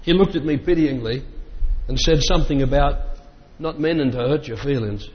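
A man reading an old memoir aloud in a measured voice, breaking off now and then for plain asides. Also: medium pitch. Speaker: reader. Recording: dull lo-fi sound with long reverb.

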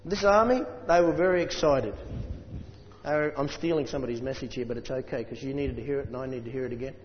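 A man preaching a sermon, chatting to the congregation with asides and reading scripture aloud, slowing down for emphasis. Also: medium pitch, slight background noise. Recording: dull sound with long reverb in a hall.

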